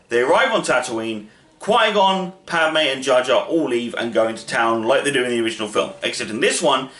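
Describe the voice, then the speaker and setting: A man talks through a story in a loose, rambling way, full of fillers and side comments. His voice has a bright, forceful edge. The recording carries a noticeable room echo. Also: mid-range voice. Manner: chatty, rambling, with asides and fillers. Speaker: channel host. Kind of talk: casual story retelling. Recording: roomy echo.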